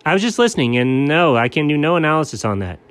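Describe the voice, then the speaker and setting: A man hosting a comedy show, explaining things in a relaxed, easygoing way. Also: fairly high pitch, quick pace, dry recording. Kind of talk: casual comedic chat.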